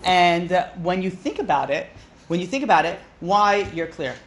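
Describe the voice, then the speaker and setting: A man's voice: high voice, expressive, normal speed, background noise. A man, a rabbi, giving an informal Torah class, chatty and often interrupting himself to joke with the room. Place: classroom with a live audience.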